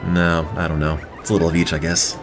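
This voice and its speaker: Deep-voiced man joking over game music. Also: monotone, quick pace. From New Jersey. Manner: dry, sarcastic joking. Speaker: let's play commentator. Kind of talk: game commentary.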